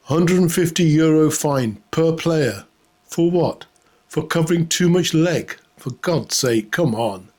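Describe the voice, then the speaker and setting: A man's voice: fairly high pitch, expressive, slow, a little mellow. A man delivering a satirical comedy monologue in a sarcastic, mock-outraged way, often laughing at his own jokes. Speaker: comedy host.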